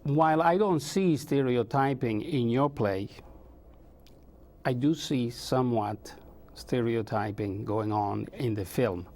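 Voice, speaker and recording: Guy interviewing, mid voice, slow and careful, hunts for words. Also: mid-range voice, a little mellow. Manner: measured, searching for words. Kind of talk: interview conversation.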